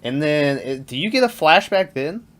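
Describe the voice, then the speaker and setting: A man co-hosting a movie podcast in casual chat, animated and laughing often as he retells scenes. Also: a little high, moderate pace. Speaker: podcast co-host.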